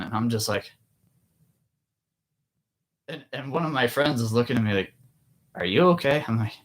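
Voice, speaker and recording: A man, an author, telling a story in a casual, animated way with laughs. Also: fairly low pitch. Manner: animated, with many restarts and laughs. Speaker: author and vlogger.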